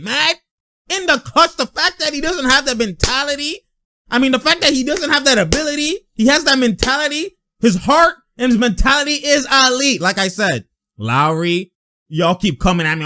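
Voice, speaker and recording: A young man giving casual, excitable basketball reaction commentary, full of slang, frequent laughter and acted-out player banter. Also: on the high side. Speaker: sports reaction host.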